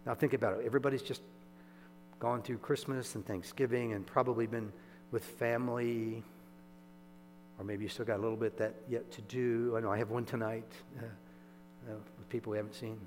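A man's voice: mid-range voice, normal speed. Male pastor, chatty sermon delivery with chuckles; echoey hall, faint mains hum. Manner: conversational, animated, chuckling asides.

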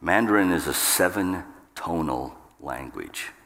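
Deep, slow-speaking man preaching a sermon. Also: lively intonation, a bit bright. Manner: emphatic, jumps up in pitch for acted outbursts. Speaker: pastor. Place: church sanctuary. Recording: long hall reverb.

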